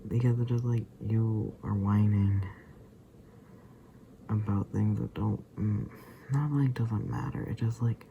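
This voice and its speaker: A man rambling casually to camera in a vlog, often dropping into a soft whisper. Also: fairly low pitch, steady tone, unhurried, gravelly, pauses often, a little hiss or hum, rough recording. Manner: loose and rambling, full of fillers and asides. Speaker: vlogger.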